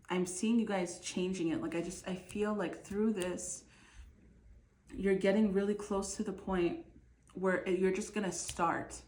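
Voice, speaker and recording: A woman giving a casual tarot reading to her viewers, speaking with many fillers and restarts, with a bit of a cough. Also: lowish voice. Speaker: tarot reader. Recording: echoey room.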